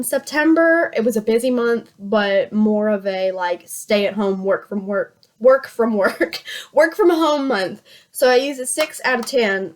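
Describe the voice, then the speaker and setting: A chatty woman from Virginia with a Southern drawl, talking casually through her makeup routine and often poking fun at herself. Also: a little high. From Virginia, USA. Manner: chatty, self-mocking, laughs often. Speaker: beauty vlogger.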